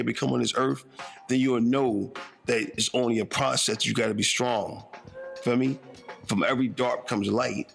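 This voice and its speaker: Man in his fifties, from northern New Jersey, gravelly voice, faint music behind, laid-back street talk. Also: mid-range voice, fairly bright tone. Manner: conversational, street slang, keeps asking "you know what I'm saying". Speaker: documentary subject telling his own story. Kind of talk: reflective first-person storytelling.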